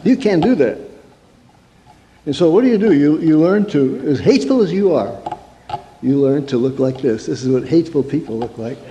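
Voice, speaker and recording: A man's voice: on the high side, brisk, dark tone, dull audio, slight background noise. A man who works as a counselor, giving a humorous sermon-style talk with stories and rhetorical questions. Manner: storytelling, rhetorical questions, mock-angry asides. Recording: reverberant hall.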